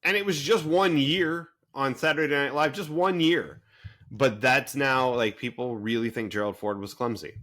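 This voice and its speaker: A man co-hosting a podcast, talking in a casual, animated way with many fillers. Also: mid-range voice, normal speed. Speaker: podcast co-host. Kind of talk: casual chat.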